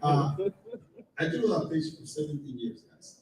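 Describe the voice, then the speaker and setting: A middle-aged man telling lively stories to a live audience, laughing often and acting out dialogue. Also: fairly high pitch, normal speed, slight background noise. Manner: animated, laughing storyteller, acts out dialogue. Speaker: guest speaker at a live fan event. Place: event hall with audience. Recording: very echoey hall, voice far from mic.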